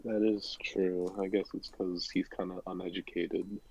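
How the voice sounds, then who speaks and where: A teenage boy answers questions with dry, deadpan humor. His voice sits very low with a gravelly fry and a husky edge, and he chats in a casual, offhand way. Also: measured pace, poor audio. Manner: deadpan, joking. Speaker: guest. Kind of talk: casual chat.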